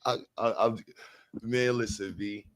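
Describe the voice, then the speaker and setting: Energetic New livestream host. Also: male voice, lowish voice, a little slow, a crowd in the background. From New York. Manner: energetic, repeats words, slangy, shouts out chat. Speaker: livestream host raising funds for a school. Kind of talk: casual livestream chat.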